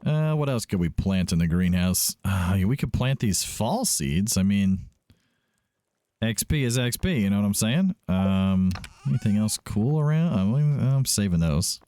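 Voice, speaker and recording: Guy with a deep mellow voice doing let's play commentary, rambly, corrects himself a lot. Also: expressive, a little slow, no room sound. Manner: chatty, thinks aloud, corrects himself often. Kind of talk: casual gameplay commentary.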